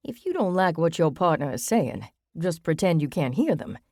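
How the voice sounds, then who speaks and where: A woman reads as a theatrical, attention-loving man sharing a snarky list with his friends, his delivery hammy and dry-sounding. It is an audiobook character voice, close and low-pitched. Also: big pitch swings, moderate pace, darkish tone, dry recording, full character voice. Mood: amused. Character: chatty showman man reading aloud to friends.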